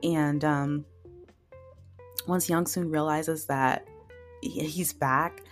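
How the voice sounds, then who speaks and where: A woman's voice: low voice, fairly even intonation, extremely slow, faint music behind. A woman hosting a podcast, recapping TV dramas in a chatty, emotional way full of fillers. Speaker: podcast host reviewing dramas. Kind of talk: casual solo recap.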